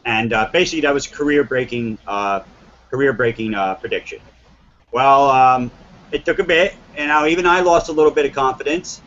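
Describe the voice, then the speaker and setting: A man's voice: mid-range voice, a little fast, fairly bright tone, lo-fi sound. A man from northern New Jersey telling his story on a live stream, earnest and rambling, acting out quoted dialogue with many restarts.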